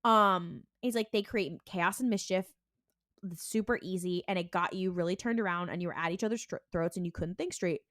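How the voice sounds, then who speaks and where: A woman's voice: on the low side, dry recording, clean studio sound. Woman animatedly retelling a TV episode. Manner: animated retelling, acting out lines in quick character voices; heavy use of "like" and "and he's like". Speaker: podcast co-host. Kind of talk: casual episode recap.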